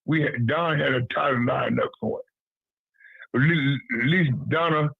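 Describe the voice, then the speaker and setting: A man's voice: medium pitch, measured pace, creaky, slightly rough, no echo. A man talking boxing on a call, blunt and repetitive, with street slang. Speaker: guest on a boxing talk show. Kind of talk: casual phone-in chat. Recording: tinny phone line, dry.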